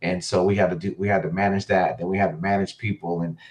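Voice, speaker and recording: A male football coach recounts stories as a podcast guest. His voice sits a little low, and he speaks casually with frequent fillers and restarts. He animates his stories by voicing the people in them. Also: fast. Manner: animated storyteller who acts out quotes, many fillers and restarts. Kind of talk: interview storytelling.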